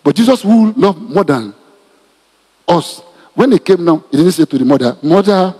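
Male pastor, animated sermon delivery, husky tone, reverberant church. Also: sits high, moderate pace. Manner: animated preaching with laughs and repetitions. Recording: reverberant hall.

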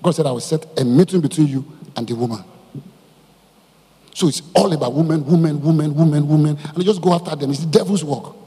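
A man preaching a sermon to his congregation as their pastor, animated and often putting questions to the listeners. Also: fairly high pitch, quick pace, slightly rough, in a large hall. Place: church hall.

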